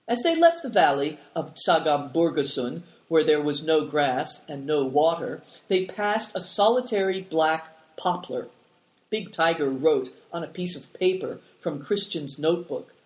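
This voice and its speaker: A man narrating a storybook in a steady, measured reading. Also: a little high, echoey room, rough recording.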